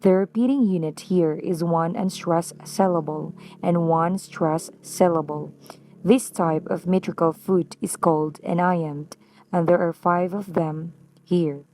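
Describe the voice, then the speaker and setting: Slow, careful Filipino-accented woman. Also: lowish voice, steady tone, warm tone, a little hiss or hum. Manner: slow, careful, deliberate reading. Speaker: student presenter. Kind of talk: reading a prepared lesson.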